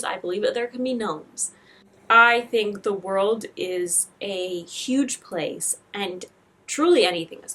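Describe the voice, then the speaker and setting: A woman host talks casually between clips, enthusiastic and chatty. Her voice sits at a middle pitch. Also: a bit bright. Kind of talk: casual commentary.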